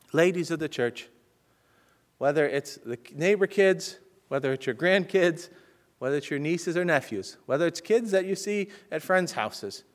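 Brief: male preacher, slightly high voice, animated storyteller who swings from urgent to hushed. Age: adult with children. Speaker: pastor. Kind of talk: storytelling sermon.

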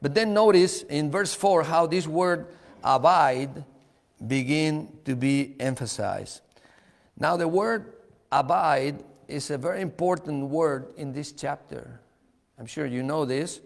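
Slow-preaching man in a reverberant hall. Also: a little high, creaky. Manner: slow, repetitive, emphatic preaching with small chuckles. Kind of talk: sermon.

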